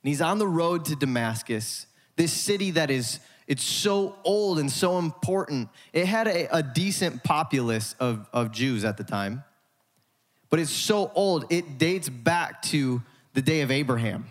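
A male pastor preaching a sermon in an emphatic style with dramatic pauses, in a church sanctuary. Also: on the high side, animated. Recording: hall reverb.

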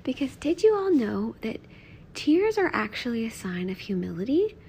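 A young woman hosting a reflective devotional talk from home, soft and earnest, often dropping to a near-whisper. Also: a little high, very animated, moderate pace, creaky, breathy edge. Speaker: podcast host.

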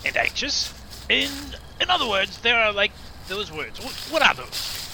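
A man voicing an excitable, naive male demon who stammers and gets easily distracted in an audio drama. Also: high-pitched, unhurried, background noise, heavily acted. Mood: nervous excited.

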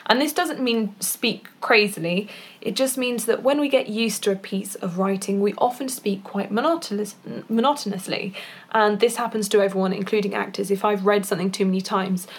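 A woman voice actor talks through performance advice in an easy, conversational manner. She is informal, with relaxed fillers. Her pitch sits at an ordinary middle level for a woman. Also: a little fast, slightly rough. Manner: chatty, with fillers and small laughs, demonstrating vocal exercises. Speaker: voice actor and poet giving tips. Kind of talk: casual instructional talk.

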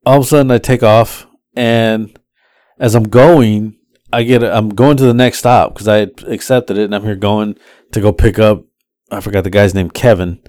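A man's voice: on the low side, fairly even intonation, normal speed, darkish tone, no echo, studio quality. A man, casually telling a rideshare story as a podcast co-host, acting out his passengers' lines in raised voices.

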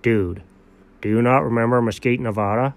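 A man co-hosting an improvised comedy show, playing the exasperated straight man in quick back-and-forth. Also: mid-range voice, fairly even intonation, no room sound. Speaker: comedy co-host.

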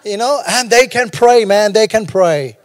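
Guy pastor preaching, really high voice, echoes around a big church. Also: measured pace. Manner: humorous, conversational preaching with storytelling asides. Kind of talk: sermon.

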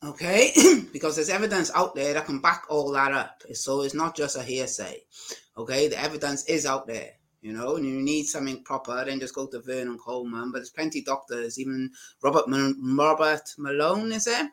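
A man's voice: mid-range voice, moderate pace, a bit bright. A man hosting a channel, talking emphatically in a casual way and tagging his points with "right?" and "you know?". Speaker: channel host. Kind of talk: casual opinionated talk.

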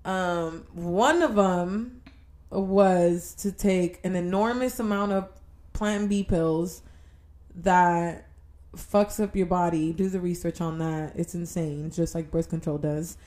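A woman's voice: on the low side, fairly even intonation, slow pace, darkish tone. A young woman co-hosting a podcast, talking frankly and teasingly, laughing often. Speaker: podcast co-host. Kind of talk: candid casual chat.

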